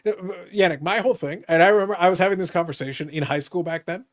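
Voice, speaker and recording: A man hosting a casual live-stream chat about cards, joking, with animated mock-outraged asides. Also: fairly high pitch, fast. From Canada. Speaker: podcast host.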